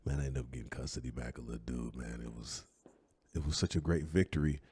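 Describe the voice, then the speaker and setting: A man with a deep, husky voice tells a personal story as a podcast guest. He talks in an animated, slangy way and laughs as he goes. His low register sits under a rough, breathy texture. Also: quick pace.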